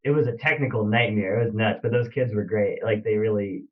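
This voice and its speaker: A man's voice: lowish voice, a little fast, far from the mic, phone-quality sound. A man, a film director guest, chatting enthusiastically on a podcast and laughing easily. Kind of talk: casual chat.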